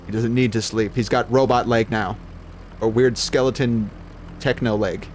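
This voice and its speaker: A man's voice: medium pitch, fairly even intonation, slight background noise. Joking young man reading game dialogue. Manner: joking, swears freely, sarcastic asides; reads in-game lines aloud in a slow formal voice. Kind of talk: casual let's-play commentary with voiced dialogue.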